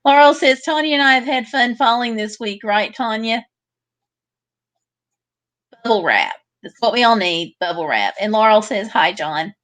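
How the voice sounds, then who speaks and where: A woman with a slightly high voice hosts a relaxed livestream from home. She reads out viewer comments one after another and answers each in a friendly way. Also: moderate pace. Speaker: livestream host. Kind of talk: casual livestream chat reading viewer comments.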